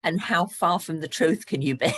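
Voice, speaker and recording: A woman's voice: on the low side, expressive, moderate pace. A woman in her sixties, a guest on a podcast interview, talking in a chatty and frank way and laughing between points. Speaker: guest, property investor.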